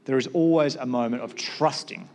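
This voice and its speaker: A man's voice: mid-range voice, normal speed, gravelly, darkish tone, a little hiss or hum. Guy pastor preaching, casual and chatty, acts out little bits of dialogue. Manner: conversational, acts out short quoted exchanges. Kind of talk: sermon.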